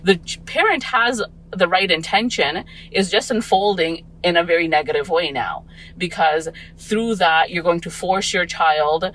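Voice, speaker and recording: A woman's voice: on the low side, unhurried, fairly bright tone, rough recording. A woman in her forties, a parent talking as a podcast guest, reflective and rambling with many fillers. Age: 40s. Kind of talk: casual podcast conversation.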